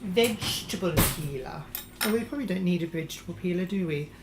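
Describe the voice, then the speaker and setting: A woman's voice: lowish voice, fairly quick, echoey room, very noisy, close to an everyday voice. A woman playing a vain, posh English lady cooking in a home kitchen, with a put-on English accent. She talks theatrically and calls everyone darling. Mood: boastful. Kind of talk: live-streamed comedy cooking show in character.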